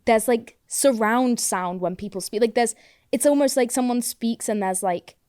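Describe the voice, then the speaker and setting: A woman's voice: a little high, normal speed, darkish tone, smooth, no echo. Rambling woman with a dry close sound. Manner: rambling, swears a lot, self-mocking. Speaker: podcast host. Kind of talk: casual podcast monologue. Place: home, seated on couch.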